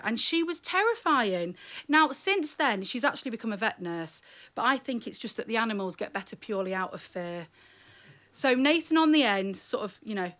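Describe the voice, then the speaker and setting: A woman's voice: mid-range voice, a bit bright. A woman performing comic spoken-word storytelling live, wry and chatty, teasing the audience.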